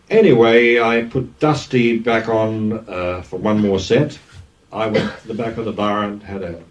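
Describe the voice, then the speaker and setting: A man in his sixties with an Australian accent, a former radio DJ telling lively anecdotes in an interview, often acting out what others said. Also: lowish voice. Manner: lively raconteur, acts out quoted speech. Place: event venue. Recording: dull, distant lo-fi recording.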